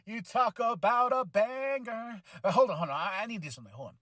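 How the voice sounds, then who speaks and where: A man hosting a wrestling podcast, reviewing a show in an excitable, slangy way and breaking into shouts when thrilled. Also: high voice, brisk, no room sound. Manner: casual slangy delivery, laughs often.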